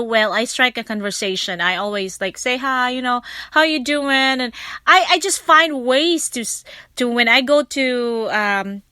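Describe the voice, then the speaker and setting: A woman's voice: on the high side, sharp tone, smooth, dry recording. A woman hosting her podcast, chatting in a rambling, storytelling way and often breaking off to restart her sentences. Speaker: podcast host and teacher. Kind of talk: casual podcast monologue.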